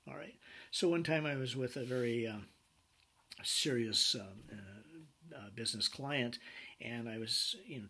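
A man lecturing a business class with animated personal anecdotes, acting out what people said. His voice is husky and mid-pitched. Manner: animated storyteller acting out quoted dialogue. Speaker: business instructor.

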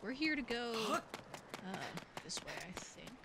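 A woman's voice: on the high side, animated, takes it slowly, very noisy. A woman hosting a let's play, giving chatty, rambling, self-deprecating commentary. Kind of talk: casual gameplay commentary. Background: game music.

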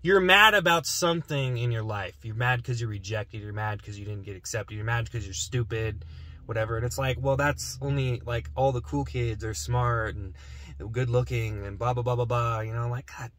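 A man's voice: medium pitch, expressive, normal speed, sharp tone, no room sound. A young man rambling and joking to camera while sitting in his parked car. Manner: rambling, joking, mumbles asides. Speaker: vlogger. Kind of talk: rambling comedic car vlog.

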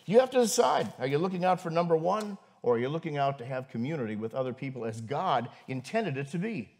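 A man who is a pastor, preaching a sermon to his congregation, earnest and building to emphasis, with pauses and fillers. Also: on the high side, very animated, a little mellow. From northern United States. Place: church congregation.

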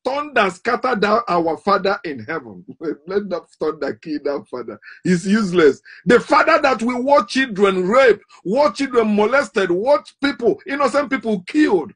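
A man giving a scornful monologue, often laughing and stressing words slowly. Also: high voice, breathy edge. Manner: scornful, laughs between points, drawn-out emphatic stresses. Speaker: online commentator. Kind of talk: mocking monologue.

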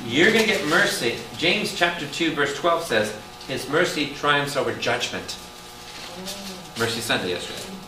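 A man preaching a Bible study in a church hall, animated and quizzing his listeners. He sounds distant from the mic, and the roomy space carries plenty of echo. A steady noise sits under his voice. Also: medium pitch, normal speed. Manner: animated, calls out questions to the room. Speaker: priest teaching Bible study. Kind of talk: lively preaching to a congregation.

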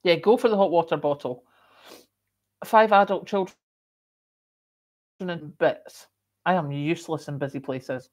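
A woman's voice: sits low, a little slow, pauses often, darkish tone. A middle-aged woman from Scotland with a moderated Scottish accent, hosting a livestream and chatting casually as she reads out viewer comments, with frequent coughs and ums. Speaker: livestream host.

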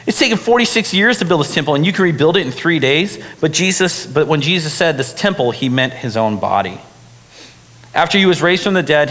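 A young man preaching a sermon in a casual, animated way, full of fillers like "right?" and "like". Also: mid-range voice. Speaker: pastor. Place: church hall. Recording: long hall reverb.

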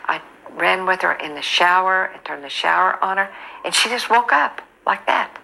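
A woman's voice: on the low side, expressive, moderate pace, creaky, sharp tone, poor audio. A woman in an interview, telling a distressing memory vividly. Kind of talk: emotional interview recollection.

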